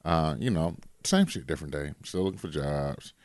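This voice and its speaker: A laid-back man with a very deep voice, chatting and joking on a podcast. He curses casually and sounds relaxed. The sound is dry and close. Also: normal speed, no echo. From Detroit, USA. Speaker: podcast co-host. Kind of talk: casual chat.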